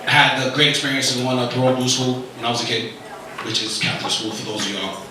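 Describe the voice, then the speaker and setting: On stage at an indoor comedy club, a New York City comic in his forties, of Dominican family, does loose, profane material with asides to the audience. He speaks fast in a mid-range voice with fairly even intonation. The recording is noisy and echoey, with the mic at a distance.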